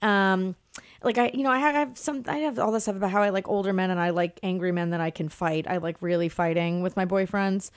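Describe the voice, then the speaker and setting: A woman comedian chatting as a podcast guest. She tells stories with animated energy and breaks into laughter as she goes. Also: mid-range voice, quick pace, smooth. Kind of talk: casual podcast storytelling.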